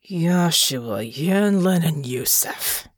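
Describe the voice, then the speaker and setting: A woman voicing a gruff, weary male bear-morph army captain in an audiobook, blunt and exasperated. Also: low voice, lively intonation, no echo, studio quality, full character voice. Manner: blunt, exasperated, slow drawl. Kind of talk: audiobook character voice.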